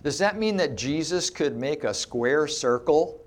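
A man's voice: fairly high pitch, expressive, unhurried. A middle-aged man preaching an expository sermon, teaching emphatically and asking rhetorical questions of his listeners.

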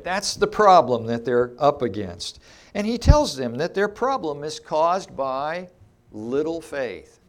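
Middle-aged guy preaching through a bible passage, voice a bit high and swoops all over, punchy questions. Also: slow. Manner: animated, emphatic teaching with rhetorical questions. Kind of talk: expository sermon.

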